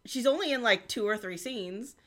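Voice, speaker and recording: Bright-voiced wry woman. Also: a little high, moderate pace. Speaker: podcast co-host. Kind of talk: casual chat.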